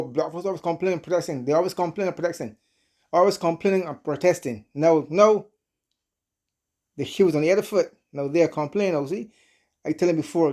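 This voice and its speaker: A man's voice: a little high, darkish tone. A man hosting a reaction channel, talking bluntly and repeating his points, swearing freely. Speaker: channel host reacting to clips. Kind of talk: casual reaction commentary.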